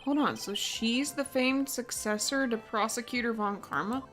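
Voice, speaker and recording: A woman's voice: on the high side, moderate pace, a bit bright, faint music behind, close to an everyday voice. A woman voicing an earnest, flustered young male defense lawyer.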